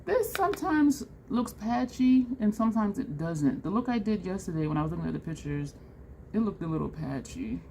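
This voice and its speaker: Chatty, excitable woman makeup vlogger. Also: medium pitch, moderate pace, a little hiss or hum. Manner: chatty, excitable, talks to viewers as y'all. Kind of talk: casual makeup tutorial chat.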